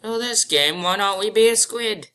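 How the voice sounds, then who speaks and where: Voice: mid-range voice, moderate pace, pushed and bright, clear, resonant tone. A gamer giving playful live commentary over their gameplay and calling out at the game.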